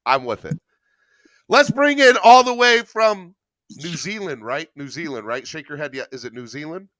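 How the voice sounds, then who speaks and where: Animated bright-voiced male podcast host. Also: a little high, normal speed, no room sound. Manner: animated, laughs often, repeats words. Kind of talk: casual sports chat.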